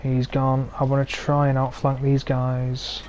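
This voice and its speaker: A man's voice: mid-range voice, completely flat delivery, a little slow, few pauses, darkish tone, slight background noise. An English man in his twenties giving live commentary on a tank game he is streaming, grumbling and sarcastic about his teammates, recorded on a cheap gaming mic. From England. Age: 20s.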